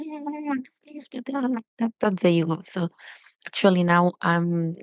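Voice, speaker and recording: A woman yoga teacher giving a casual self-love talk with guided breathing, speaking softly and gently with frequent fillers and restarts. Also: on the low side, no echo, poor audio.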